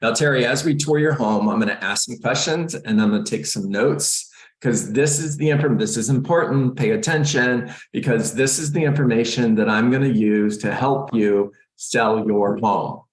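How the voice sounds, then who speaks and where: A middle-aged man coaching real estate agents in a live training, energetic and joking as he acts out scripts. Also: mid-range voice, moderate pace, reverberant, low-quality recording.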